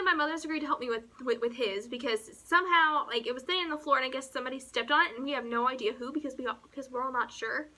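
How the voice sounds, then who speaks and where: A young woman rambles in a casual vlog, her voice high and bright. She tells stories dramatically, breaking into giggles. She is recorded outdoors on a porch. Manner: animated storyteller, giggly and dramatic. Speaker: book vlogger.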